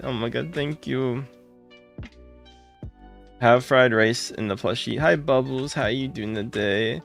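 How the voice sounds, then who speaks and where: A man's voice: mid-range voice, slow pace, vocal fry, pauses often, fairly bright tone, faint music behind. A man streaming live, greeting viewers by name and gushing his thanks in casual chat.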